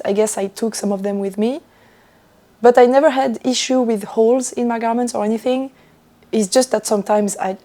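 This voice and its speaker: Hoarse young woman with a lost voice. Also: mid-range voice, dark tone. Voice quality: rough, broken voice. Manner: laughs often, chatty and self-mocking. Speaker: knitting vlogger. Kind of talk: casual chat to camera.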